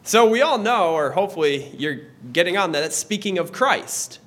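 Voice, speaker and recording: Young male Sunday school teacher, relaxed and chatty, voice sits a touch high. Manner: conversational, with pauses and restarts. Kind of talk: teaching a church class. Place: church classroom.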